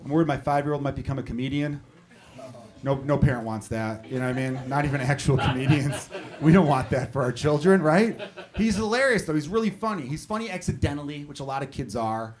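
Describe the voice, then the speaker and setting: Stand-up comic over crowd laughter. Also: male voice, a little high, lively intonation, fast talker. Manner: conversational, crowd-addressing, profane. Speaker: stand-up comedian. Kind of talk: stand-up routine. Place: comedy club stage. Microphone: handheld stage mic. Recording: live club, audience laughing. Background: audience laughter.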